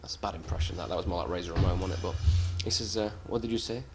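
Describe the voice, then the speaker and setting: A man's voice: low voice, fairly even intonation, very fast, noisy background. A man, a wrestler being interviewed, telling backstage stories in a blunt, swearing, self-mocking way. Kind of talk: casual anecdotal storytelling.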